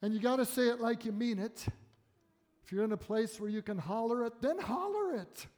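A male pastor preaching and praying to his congregation in an earnest sermon style, swelling to emphatic peaks and dropping low. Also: fairly even intonation, brisk, darkish tone. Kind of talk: sermon with prayer. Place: church sanctuary. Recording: long reverb of a church hall.

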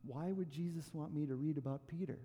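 Man preaching with a dark, husky voice. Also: on the high side, brisk, in a large hall. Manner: animated retelling with acted quotes. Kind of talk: sermon storytelling.

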